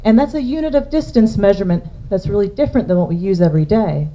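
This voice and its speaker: A woman's voice: medium pitch, lively intonation, quick pace, warm tone. A woman astronomer giving a public science lecture, explaining things step by step while pointing to slides. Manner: explanatory, walking through slides. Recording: dull lo-fi lecture recording.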